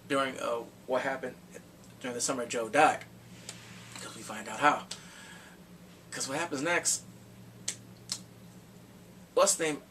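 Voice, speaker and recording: A man casually recapping a movie plot in a rambling, excitable way, with blunt crude slang. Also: medium pitch. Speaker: movie reviewer. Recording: distant mic with faint background noise.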